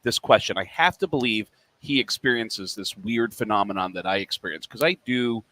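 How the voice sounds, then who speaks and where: A man with a bright, clear voice speaks excitedly as a radio guest. He talks fast and eagerly, like a fan meeting someone he admires. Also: lowish voice. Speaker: guest, voice impressionist. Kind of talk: radio interview.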